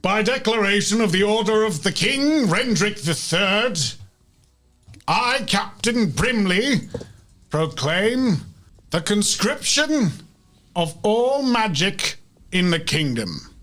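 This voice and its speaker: A stern army captain with a strong, carrying voice, as a man puts him on for a tabletop game. He declaims each phrase slowly and formally, pitched higher than his speaker's usual talk, and it swings up and down with ceremony. It sounds like an official announcement made to a crowd. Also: very animated, a bit bright, exaggerated voice. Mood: proclaiming. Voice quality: strong, commanding. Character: male army captain proclaiming a royal decree. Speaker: game master voicing a character.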